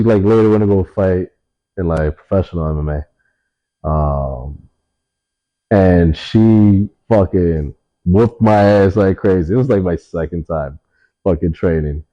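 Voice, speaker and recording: A young man telling stories in a relaxed interview, swearing often and leaning on fillers. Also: deep voice, slow pace, long pauses, lo-fi sound. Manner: laid-back, swears a lot, many fillers. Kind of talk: casual storytelling in an interview.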